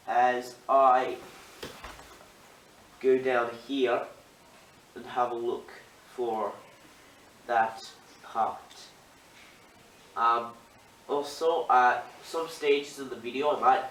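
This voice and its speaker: A man's voice: mid-range voice, takes it slowly, long pauses, a bit bright, slight background noise. A young man with an Australian accent, a student, giving a rambling, chatty model railway building tutorial while he works. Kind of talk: casual hobby tutorial.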